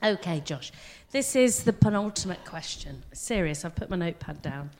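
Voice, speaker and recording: A woman's voice: on the low side, animated, moderate pace, a little mellow. A woman co-hosting a podcast, playful and teasing in casual chat. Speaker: co-host.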